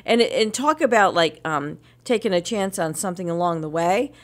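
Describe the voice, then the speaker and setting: A woman's voice: fairly low pitch, expressive, normal speed. A middle-aged woman co-hosting a radio show, telling travel stories in a chatty way and laughing often. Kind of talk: casual morning radio chat.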